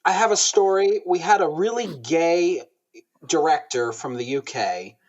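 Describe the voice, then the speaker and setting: Animated American man telling stories. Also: a little high, a little slow, dull audio. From United States. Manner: animated storyteller, laughs mid-sentence. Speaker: guest musical director. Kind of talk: casual podcast chat.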